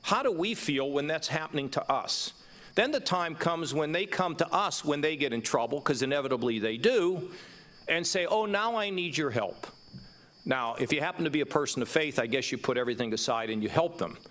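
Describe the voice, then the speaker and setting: Impassioned man on stage, pitch high. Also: animated, fairly quick, a bit bright. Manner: impassioned, emphatic, repeats words. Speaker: governor. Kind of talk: onstage conversation. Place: stage before a live audience.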